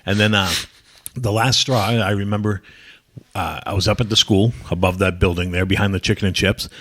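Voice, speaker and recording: Sitting in as a podcast guest, a New England man who used to wrestle professionally spins rambling, profane, blunt stories in a casual interview and voices the quoted lines himself. He speaks briskly in a lowish, slightly bright voice with a steady tone.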